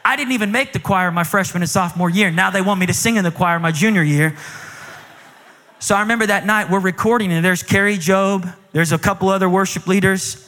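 High, bright-voiced preacher in a reverberant hall. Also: male voice. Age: 30s. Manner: animated, acts out quoted dialogue, pitch climbs with emotion. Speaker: guest preacher. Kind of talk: storytelling sermon. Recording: long reverb of a large hall.

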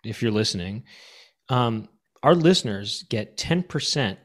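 A man's voice: mid-range voice, expressive, moderate pace. A man co-hosting a comedy podcast, chatting casually and joking around. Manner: joking, does goofy barking song impressions. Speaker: podcast co-host.

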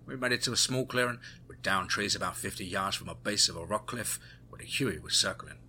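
A man narrating a first-person adventure story in a steady storytelling manner. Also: lowish voice, a little fast, husky.

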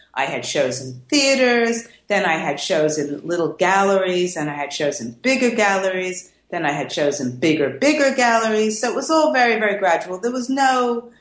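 A middle-aged woman, an artist, telling stories in a casual interview and acting out other people's lines. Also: on the low side. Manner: animated, acts out voices in her stories. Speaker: artist guest. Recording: echoey room.

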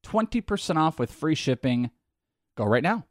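A male podcast co-host with a fairly high voice that swings wildly up and down as he jokes and hypes the show. He is loud and excitable. The recording is dry and close, with almost no room sound. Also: normal speed, no echo. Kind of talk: energetic podcast banter and ad read.

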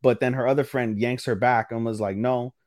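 A man co-hosting a casual podcast, recapping an anime episode with lively acted-out quotes and casual swearing. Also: medium pitch, fairly quick, no echo, studio quality. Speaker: podcast co-host. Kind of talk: casual anime review chat.

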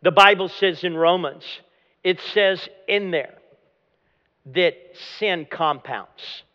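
A man preaching a dramatic sermon as pastor, often dropping to a low hush at the end of a phrase. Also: slow pace. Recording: long hall reverb, dull lo-fi sound.

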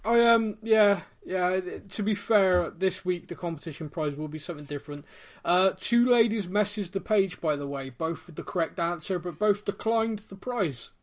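A man hosts a podcast with a fairly high voice. He chats casually, teases his co-host and laughs easily. His delivery stays light and playful. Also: normal speed. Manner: teasing, jokey, laughs often. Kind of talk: casual chat.

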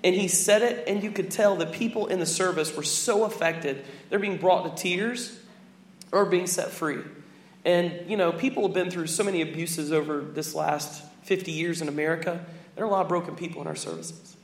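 A man preaching and telling a story in a lively, joking way, acting out voices. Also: sits high, normal speed. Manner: animated, jokey, acts out voices. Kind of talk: sermon storytelling. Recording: echoey hall with faint room noise.

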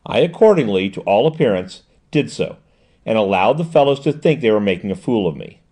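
A sharp, composed woman detective lays out her reasoning point by point, read by a man. The voice is mellow and warm, with a lively rise and fall, precise and measured in an audiobook reading. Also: fairly low pitch, husky, heavily acted. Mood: explaining.

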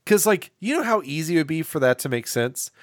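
A man's voice: fairly high pitch, sing-song, quick pace, dry recording, studio quality. Jokey man riffing on a movie. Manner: jokey, acts out quoted characters in mock voices. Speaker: podcast co-host. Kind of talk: casual movie review chat.

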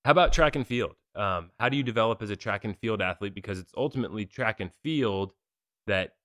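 A man's voice: lowish voice, a little fast, no room sound, clean studio sound. A man hosting an interview, asking loose, conversational questions. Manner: relaxed, loose questions with fillers. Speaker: interviewer, podcast host.

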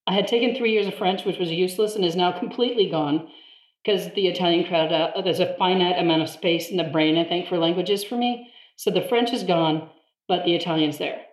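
A woman telling an animated story in casual conversation, laughing often and acting out the people in it. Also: lowish voice, a little fast. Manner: animated, laughs often, mimics others in quotes. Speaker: guest. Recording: roomy echo.

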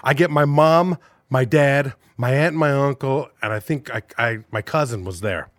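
A man's voice: medium pitch, moderate pace, dry recording, clean studio sound. A man in his forties, a stand-up comedian, telling rambling, profane stories in a casual podcast chat. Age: 40s.

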